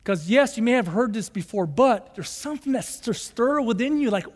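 A man's voice: extremely high pitch, animated, normal speed, hardly any pauses. A man preaching a sermon as pastor, earnest and building to fervent, emphatic passages. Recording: long hall reverb.

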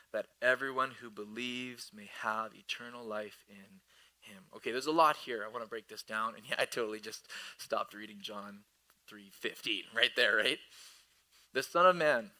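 A man in his thirties, a pastor delivering a sermon, telling a family story with laughter and lively asides. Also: medium pitch, normal speed, poor audio.

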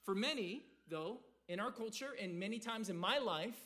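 Guy preaching, pretty high voice, animated, acts out little quotes and stumbles over repeats. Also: moderate pace. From American South. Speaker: pastor. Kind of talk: sermon.

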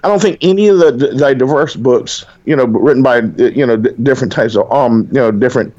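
A Southern American man and writer in casual conversation, animated and rambling with many restarts. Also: medium pitch, brisk, lo-fi sound. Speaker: writer, podcast co-host.

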